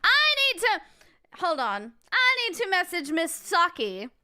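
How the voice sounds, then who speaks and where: Excitable lady streamer, high and bouncy, kinda slow, noisy mic. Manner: excitable, dramatic, reacting loudly. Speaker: streamer playing a game. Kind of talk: casual game commentary.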